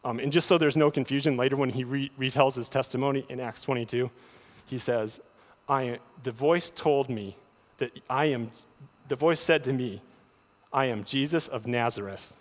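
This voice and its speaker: A man preaching a sermon, often repeating words as he starts a thought, with animated delivery. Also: medium pitch, moderate pace. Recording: long hall reverb.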